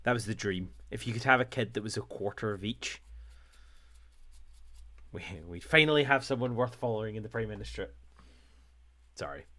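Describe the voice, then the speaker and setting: A man's voice: on the low side, moderate pace, long pauses, pushed and bright. A Scottish man in his thirties chatting casually and jokily on a livestream while he paints miniatures, rambling and laughing often. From Scotland. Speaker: hobby painting streamer.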